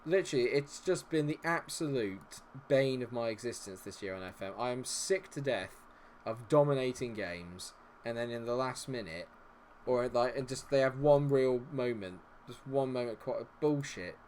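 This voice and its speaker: A man's voice: medium pitch, expressive, normal speed, darkish tone, slight background noise. A man giving live commentary on a football management game, frustrated and sarcastic, swearing often. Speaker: gaming streamer.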